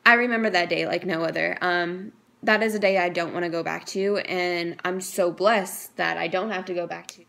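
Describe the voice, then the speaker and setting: A woman's voice: on the low side, fairly even intonation, moderate pace, vocal fry, few pauses, a bit bright, a little hiss or hum. Earnest young woman sharing a testimony. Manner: earnest and emotional, chatty with frequent "like". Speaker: vlogger. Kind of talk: personal faith testimony to camera.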